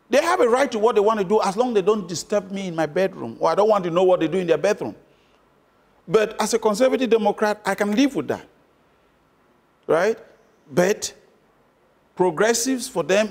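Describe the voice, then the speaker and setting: Middle-aged man from Cameroon, high-pitched, emphatic interview guest who hammers points with rhetorical questions. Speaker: political guest. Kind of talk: interview answers.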